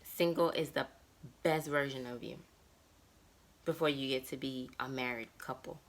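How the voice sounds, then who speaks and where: Low, gravelly woman in her thirties. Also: fairly even intonation, moderate pace. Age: 30s. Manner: reflective, emotional and candid. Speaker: vlogger. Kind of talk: candid personal monologue.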